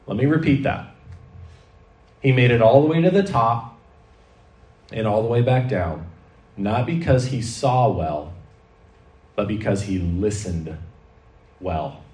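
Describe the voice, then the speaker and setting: A man preaching a sermon, telling stories in a lively way and acting out the voices he quotes. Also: fairly low pitch, slow, long pauses. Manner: animated storytelling preacher, acts out quoted voices. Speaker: pastor. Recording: echoey hall, mic at a distance.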